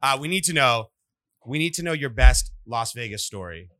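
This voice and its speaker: A man's voice: mid-range voice, expressive, normal speed, a bit bright, no room sound. A man hosting a podcast, an upbeat interviewer in casual chat. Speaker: podcast host.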